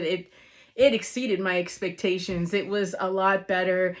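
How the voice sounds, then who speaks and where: A woman vlogger with a lowish, fairly even voice speaks a little slowly as she gushes about a live wrestling event she attended. Her recap is casual and emotional, full of laughter, with frequent "you guys" and "literally" as she addresses her viewers. At moments she sounds close to tears.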